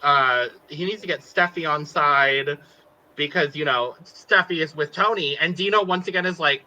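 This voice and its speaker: Bright-voiced playful man co-host. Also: a little high, moderate pace, dull audio. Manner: playful, jokey, animated. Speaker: podcast co-host. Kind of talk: casual recap chat.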